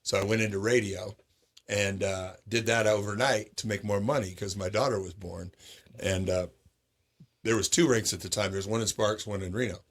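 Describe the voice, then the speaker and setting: Lively middle-aged man telling stories. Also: lowish voice, normal speed. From Sacramento, California. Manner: animated, acts out quoted voices. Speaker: roller rink owner, podcast guest. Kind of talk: casual storytelling chat.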